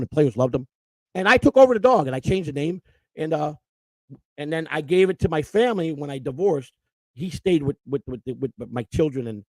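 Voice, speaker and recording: A man's voice: on the high side, a little mellow, no room sound, clean studio sound. A middle-aged man hosting a live stream, telling an emotional, rambling personal story and often repeating and restarting his words. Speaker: host.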